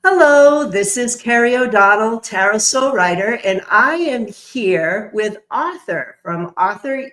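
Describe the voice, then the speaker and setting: A woman's voice: a little high, expressive, a little slow, few pauses, a bit bright, reverberant. A woman from Massachusetts with a New England accent, hosting a chatty, upbeat interview. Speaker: host. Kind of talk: casual interview chat.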